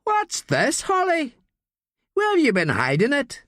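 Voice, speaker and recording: A man's voice: extremely high pitch, huge pitch swings, unhurried, a bit bright, dry recording, studio quality, pitched above the performer's own voice, heavily acted. A man voicing a drunk, bigoted young male student with a jeering, slurred drawl. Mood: drunken jeering.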